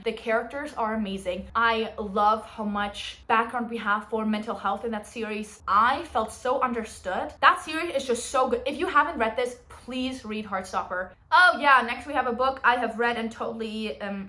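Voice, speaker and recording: Young woman book vlogger with a higher, bright, forceful voice, blunt and theatrical in her reactions. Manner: animated, dramatic, blunt opinions. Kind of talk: casual book ranking vlog.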